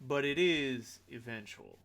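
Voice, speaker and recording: A man's voice: mid-range voice, expressive, measured pace, gravelly, fairly bright tone. Man, game master, in-character role-play, folksy drawl, blunt.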